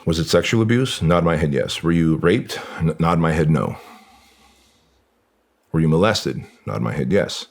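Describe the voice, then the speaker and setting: A man's voice: a bass voice, a little slow, creaky, long pauses. A man in his forties, a guest on a podcast, telling a painful personal story in an earnest, raw, conversational way. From Armenia.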